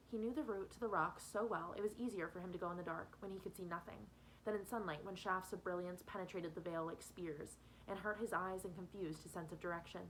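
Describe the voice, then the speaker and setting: A woman's voice: medium pitch, fairly even intonation, moderate pace, slight background noise, low-quality recording. A woman teacher reading a novel aloud to her students, changing her voice for each character.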